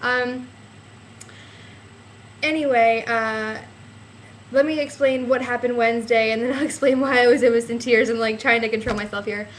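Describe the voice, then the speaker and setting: A young woman talking casually to her vlog, out of breath and close to tears, halting with sighs and nervous little laughs. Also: a little high, fairly even intonation, a little hiss or hum. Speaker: vlogger.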